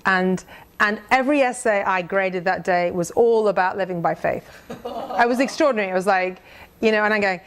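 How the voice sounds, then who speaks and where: A woman's voice: medium pitch, moderate pace. A middle-aged woman giving a conversational, earnest faith testimony to a church group, with frequent restarts. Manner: conversational, earnest, with many restarts and reading aloud a prayer. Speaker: speaker sharing a mission testimony.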